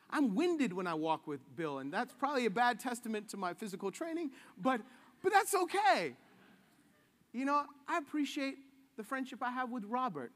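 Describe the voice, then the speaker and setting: A man's voice: extremely high pitch, a bit bright, long reverb tail. A man preaching a sermon in a casual, joking way, acting out the voices he quotes. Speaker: pastor.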